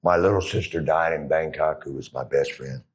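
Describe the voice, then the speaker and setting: Middle-aged ex-Marine guest, very low voice, rambling crude storyteller. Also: male voice, normal speed. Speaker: interview guest, former Marine. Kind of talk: casual storytelling.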